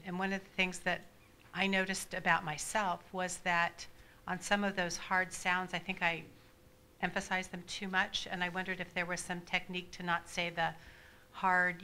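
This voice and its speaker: A woman new to voice work asks an earnest question about how she speaks. Her voice is bright and keeps to a narrow, steady pitch. A faint hiss of room noise sits behind her. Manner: earnest, self-reflective. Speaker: workshop participant, new to voice work. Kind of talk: asking a question in class.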